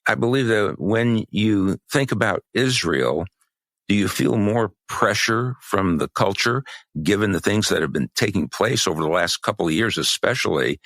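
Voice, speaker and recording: A man co-hosting a podcast, talking in a measured, halting way with many restarts, and losing his voice. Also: fairly low pitch, expressive, fairly bright tone, no echo. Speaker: podcast co-host. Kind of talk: podcast conversation.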